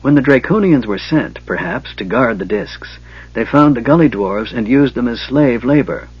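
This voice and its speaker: A man's voice: medium pitch, animated, normal speed, slightly rough. A man voicing a cool, cerebral young male mage who speaks in a detached, near-whispered way. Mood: coolly explaining. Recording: dull lo-fi recording.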